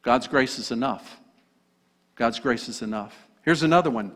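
A man's voice: mid-range voice, normal speed, fairly bright tone. A male pastor preaching a sermon in an earnest, emphatic way. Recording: echoey hall.

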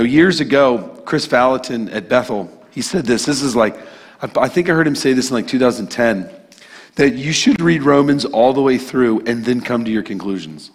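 A man delivers a sermon in a conversational, emphatic style, slipping into casual asides. His voice sits at an ordinary male pitch. It rings out with a long hall reverb from the church around him. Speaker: pastor. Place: church sanctuary.

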